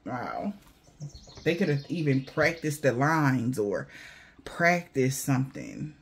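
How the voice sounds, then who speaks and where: A man's voice: mid-range voice, lively intonation, slow pace, husky. A man giving a casual spiritual reading to viewers, blunt, profane and mocking, in loose slangy talk. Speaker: spiritual reader.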